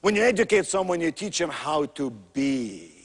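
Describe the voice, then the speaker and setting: A man's voice: fairly high pitch, sing-song, normal speed, breathy edge, big-room sound. A man giving a motivational keynote, telling stories with emphatic, theatrical delivery and rhythmic repetition. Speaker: motivational speaker.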